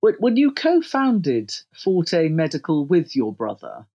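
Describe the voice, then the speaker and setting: A woman's voice: deep voice, huge pitch swings, unhurried, warm tone, dull audio. A woman interviewer who asks thoughtful, probing questions.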